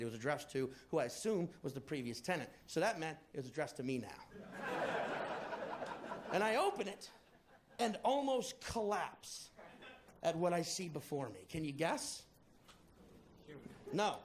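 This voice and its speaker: A man performing a stand-up comedy routine, telling a story with animated delivery and acting out the people in it. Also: fairly high pitch, a little hiss or hum. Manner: animated storytelling, acts out characters, shouts punchlines.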